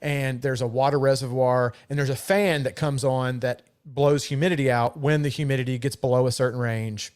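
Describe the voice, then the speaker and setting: A man's voice: medium pitch, fairly even intonation, moderate pace, hardly any pauses, a little mellow, clear, resonant tone. A middle-aged man co-hosting a live podcast in casual, talkative chat, swearing freely and laughing easily. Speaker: podcast co-host.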